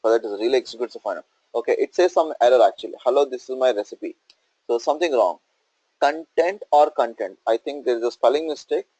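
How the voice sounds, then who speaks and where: A man's voice: medium pitch, fast, dark tone, husky, dry recording, rough recording. A male instructor walking through a coding tutorial on screen, explaining step by step and checking in with "okay?" and "right?".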